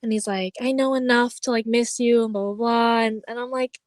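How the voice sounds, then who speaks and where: A woman's voice: fairly high pitch, fairly even intonation, brisk, no echo. Chatty young woman telling a story. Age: young adult. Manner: chatty storytelling, heavy use of "like", acts out quoted lines. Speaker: podcast co-host. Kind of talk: casual chat.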